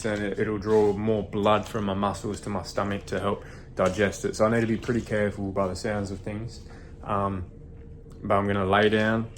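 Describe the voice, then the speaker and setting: Laid-back young Australian man, low voice. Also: slight background noise. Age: 20s. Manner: relaxed, rambling, lots of ums. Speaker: vlogger and first-time fighter. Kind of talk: casual vlog monologue.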